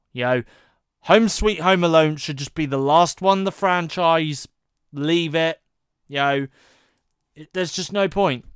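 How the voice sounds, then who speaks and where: A man's voice: fairly high pitch, fairly bright tone, clear, resonant tone, no room sound, clean studio sound. A British man hosting a casual solo podcast, talking in a rambling, conversational way with many fillers as he sits at his computer. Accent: British English. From Britain. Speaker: podcast host. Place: at home at his computer with his dog.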